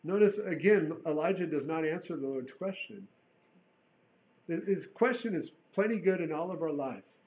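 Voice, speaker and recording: A man preaching a sermon in an earnest way, rising to emphatic bursts and dropping to a hush. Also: on the high side, expressive, normal speed, muffled recording.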